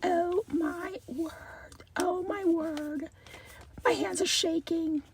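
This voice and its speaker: A woman unboxing gifts in a casual vlog, gushing and excitable, often dropping to a soft whisper as she looks over each item. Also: very high-pitched, extremely slow. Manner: gushing, excitable, many exclamations. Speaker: haul video host.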